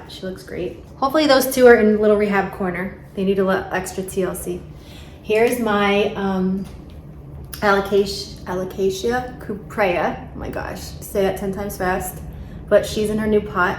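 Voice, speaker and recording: A woman with a New York accent talks viewers through plant care in a loose, chatty way, often stopping to correct herself. Her voice sits at an ordinary middle pitch. The room sounds echoey, and a steady background noise runs under her voice. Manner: chatty, with frequent fillers and self-corrections. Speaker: plant vlogger. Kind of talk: casual how-to vlog.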